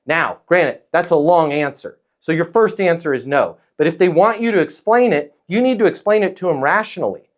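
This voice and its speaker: A man coaching a caller on sales, emphatic and animated, acting out bits of dialogue as he advises. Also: a little high, fairly quick, few pauses.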